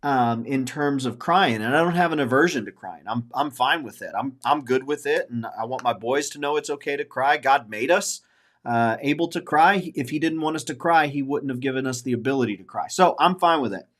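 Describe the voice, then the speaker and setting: This fortysomething podcast host, with a mid-range, slightly bright voice, talks fairly quickly. On his casual show he's earnest and openly emotional, wandering and repeating himself as he goes.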